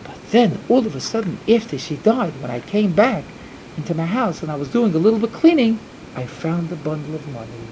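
A man telling a religious folk tale in the first person, slow and dramatic at times. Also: a little high, sing-song, darkish tone, a little hiss or hum, low-quality recording. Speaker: storyteller.

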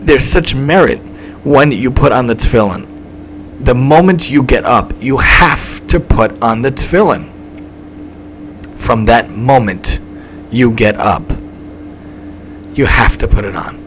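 Emphatic, animated male preacher. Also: medium pitch, unhurried, pauses often, slight background noise, poor audio. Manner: emphatic, repetitive, dramatic swings in delivery. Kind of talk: storytelling sermon.

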